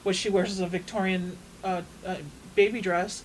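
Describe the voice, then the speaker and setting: A woman's voice: mid-range voice, level tone, moderate pace, slight background noise, rough recording. A woman chatting as a guest in a studio interview, telling anecdotes. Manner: chatty storyteller. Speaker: haunt co-founder guest.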